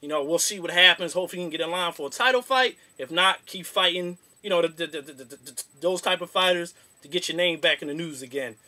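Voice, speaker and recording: High, bright-voiced man ranting about boxing. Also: quick pace, hardly any pauses. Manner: slangy, animated, rambling. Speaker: boxing show host. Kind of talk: casual boxing rant.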